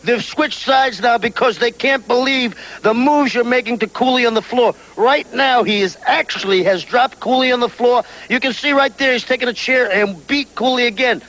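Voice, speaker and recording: High-pitched scornful wrestling manager man. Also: moderate pace, few pauses, fairly bright tone, rough recording. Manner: smooth, scornful, coaching. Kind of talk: talking over match footage.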